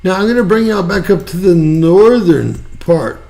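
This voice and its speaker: A man's voice: high voice, lively intonation, moderate pace, vocal fry, darkish tone, slight background noise. A man hosting an online news show, giving rambling, folksy weather commentary and repeating himself. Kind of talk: casual weather commentary over a map.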